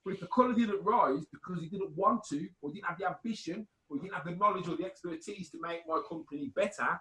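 A man's voice: sits high, fast talker, rough recording. A man, talking animatedly in a casual panel chat. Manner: animated, slips into mock voices and laughs.

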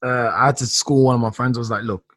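A man's voice: mid-range voice, fast, no room sound. A man in casual discussion who tells stories and acts out what others said. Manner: animated storyteller, acts out quotes.

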